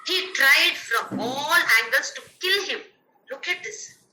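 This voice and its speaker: A woman's voice: sits high, animated, a little slow, bright, forceful tone, echoey room, slight background noise, poor audio. A woman with an Indian English accent, explaining scripture in an earnest, emphatic teaching talk. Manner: earnest, emphatic, chants verses in a sung tone. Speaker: spiritual teacher.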